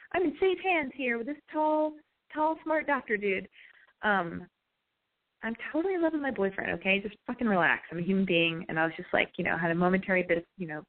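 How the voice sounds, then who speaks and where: Profane rambling woman on a tinny line. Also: medium pitch. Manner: rambling, profane, self-mocking. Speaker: podcast host. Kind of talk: casual storytelling monologue.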